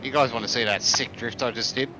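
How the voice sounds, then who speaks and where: A man's voice: medium pitch, fairly even intonation, quick pace, a crowd in the background, poor audio. A man, a driver and co-commentator, chatting with dry, self-mocking humor. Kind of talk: casual banter.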